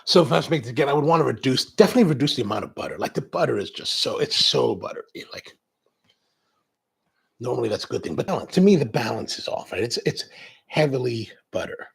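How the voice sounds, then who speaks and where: Gravelly, husky man rambling casually. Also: mid-range voice, lively intonation, fast talker. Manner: rambling, tangential, many restarts. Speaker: coffee show host. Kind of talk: casual chat.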